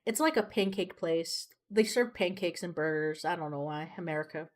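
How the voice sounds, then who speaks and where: A young woman with a lowish, steady voice talks at a normal pace as she draws on stream. Her casual chatter rambles, includes plenty of swearing, and she laughs at her own tales.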